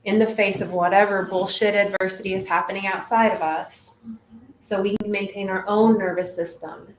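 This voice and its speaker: A woman leading a group in a relaxed, reflective way, often saying "like". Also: medium pitch, moderate pace. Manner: relaxed, reflective, says "like" a lot. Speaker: group facilitator. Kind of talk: casual wellness group talk. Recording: echoey room, faint noise.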